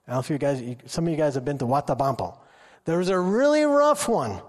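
A middle-aged man preaches in a high, lively voice that keeps leaping up whenever he acts out what someone said. His delivery is loose and full of stories. His voice rings with the long reverb of a church hall. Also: fast. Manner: animated, acts out quotes with high excited pitch. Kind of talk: informal sermon with storytelling.

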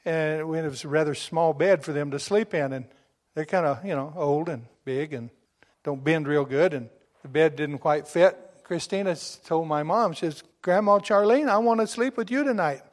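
A middle-aged male preacher with a notably high voice delivers a sermon. He reads and explains scripture with exuberant emphasis and now and then breaks into shouts. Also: normal speed.

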